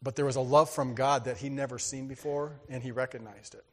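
A man preaching a sermon, telling a story with lively energy, acting out voices and laughing often. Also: mid-range voice, brisk. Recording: hall reverb.

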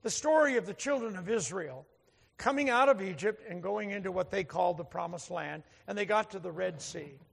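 A man's voice: high-pitched, animated, a little fast, creaky, slightly rough, voice pushed down, full character voice. A preacher voicing a condescending male agnostic lecturer who mocks believers. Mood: scornful. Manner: mocking, condescending. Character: scornful know-it-all male agnostic lecturer. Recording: echoey hall reverb.

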